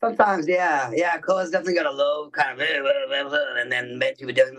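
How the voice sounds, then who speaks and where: A man speaking in an easygoing, slangy way, laughing often as he chats on a podcast. His voice sits at an ordinary pitch. He is recorded from some distance, so he sounds set back from the mic. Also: steady tone, brisk, sharp tone. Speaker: guest musician. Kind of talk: casual podcast interview chat.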